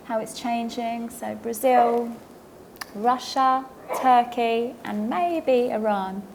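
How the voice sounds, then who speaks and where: A documentary reporter on a festival panel, speaking in a lively, candid and wry way. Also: female voice, fairly high pitch, slight background noise. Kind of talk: casual panel discussion.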